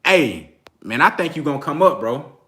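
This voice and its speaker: A man's voice: fairly high pitch, sing-song, moderate pace, bright, forceful tone. A man with a Texan accent hosting a casual livestream about boxing, slangy and loose, laughing often. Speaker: boxing channel host.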